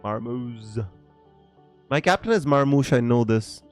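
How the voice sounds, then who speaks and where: This is a man hosting a fantasy football live stream, talking casually to his chat. He is theatrical and quick to laugh, swinging into loud exclamations. Faint music plays in the background. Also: mid-range voice. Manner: excitable, dramatic, laughs and exclaims often.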